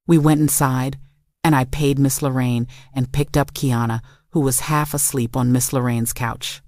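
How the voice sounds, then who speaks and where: A woman with a low voice narrates a first-person family story in steady, reflective scripted narration. The recording is dry and close, with no room sound. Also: normal speed, no echo.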